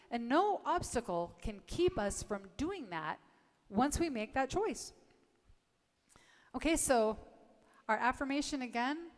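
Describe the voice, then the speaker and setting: A woman's voice: sits high, animated, slow pace, long pauses, big-room sound. A woman reverend giving an encouraging sermon, leading her congregation in affirmations and often asking "right?". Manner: warm encouraging preaching, leads congregation in affirmations. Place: church sanctuary.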